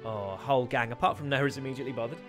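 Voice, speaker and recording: A man's voice: mid-range voice, little pitch movement, racing, music in the background. A young man, a voice actor, chatting playfully and self-deprecatingly while streaming a game and reading chat. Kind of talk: casual live-stream chat.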